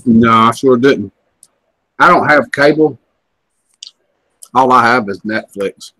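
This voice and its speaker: A man's voice: medium pitch, takes it slowly, pushed and bright, no room sound. A man chatting in a laid-back, folksy way as a guest. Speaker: guest in the chat. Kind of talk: casual chat.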